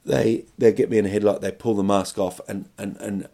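A man's voice: on the low side, flat delivery, fairly quick, vocal fry, warm tone. A man hosting a podcast, telling a rambling comic story about himself with lots of filler words. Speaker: podcast host and comedian.

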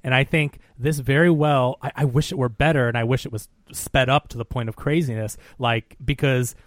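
A man's voice: medium pitch, steady tone, fairly quick, no echo, clean studio sound. A man co-hosting a movie review podcast, talking emphatically, laughing often and restarting words. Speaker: podcast co-host. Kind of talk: casual movie review chat.

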